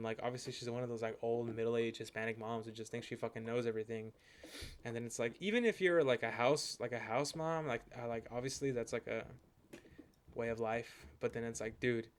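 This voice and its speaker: With a smooth, mid-range voice, a young man streams himself gaming and talks loosely about it, cursing and saying "like" constantly. Music can be heard behind him.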